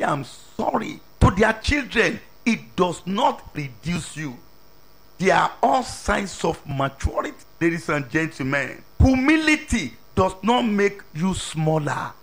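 A man preaching a sermon slowly and deliberately, with emphatic pauses and non-native English grammar. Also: high-pitched, sing-song, fairly bright tone.

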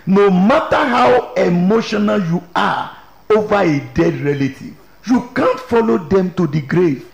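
Gravelly, high-voiced preacher. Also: male voice. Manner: emphatic, repetitive, storytelling. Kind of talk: sermon. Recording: echoey hall.

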